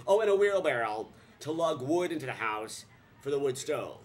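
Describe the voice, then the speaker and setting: A man from Vermont tells a comic story on his vlog with a playful, sarcastic edge. His voice moves a lot, rising and dropping in pitch as he jumps into squealing high voices, and a faint hiss sits underneath. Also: expressive, fairly quick. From Vermont, USA. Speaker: vlogger.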